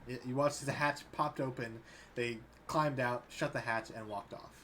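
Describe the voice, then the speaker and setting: A man's voice: medium pitch, steady tone, normal speed, fairly bright tone, slight background noise. A man narrating as dungeon master in a tabletop game, laid-back and easygoing in tone.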